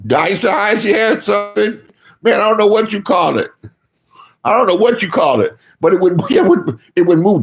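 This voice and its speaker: A man ranting casually as a streamer giving commentary, blunt and profane, swinging between low mutters and loud outbursts. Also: lively intonation, a little fast, vocal fry.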